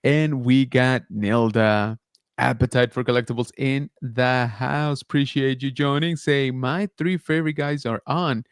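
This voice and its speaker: A man's voice: mid-range voice, steady tone, measured pace, clean tone, no echo. Man, livestream host, casual chat, lots of fillers, dry close sound. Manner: chatty, many fillers, reads chat aloud. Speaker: podcast host.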